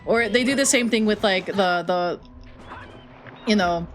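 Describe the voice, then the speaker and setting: A woman's voice: medium pitch, a little slow, faint music behind. A woman from Texas streaming a game, chatting casually and swearing freely as she reacts. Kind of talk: casual gaming livestream chat.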